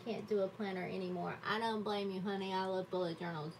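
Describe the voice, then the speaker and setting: A woman's voice: medium pitch, fairly even intonation, fast, recorded from a distance, slight background noise, rough recording. A woman hosting a live stream from her home desk, chatting casually and laughing often at herself. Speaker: livestream host. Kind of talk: casual chat while journaling.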